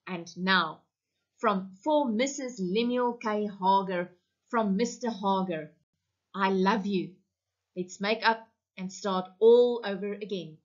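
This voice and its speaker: A woman's voice: mid-range voice, slow pace, muffled recording. A woman reading aloud the lines of a folksy male late-night radio host who sermonizes on love.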